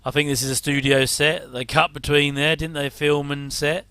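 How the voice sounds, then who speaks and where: A man's voice: a little high, flat delivery, moderate pace, sharp tone, clear, resonant tone, no echo. A middle-aged English man rambling casually through a reaction commentary, with chatty, self-deprecating asides. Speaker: host.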